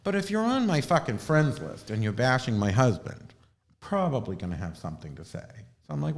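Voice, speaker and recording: A man's voice: medium pitch, big pitch swings, fairly quick, creaky. A man hosting a live video stream, talking casually in a rambling, profane and sardonic way. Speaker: livestream host.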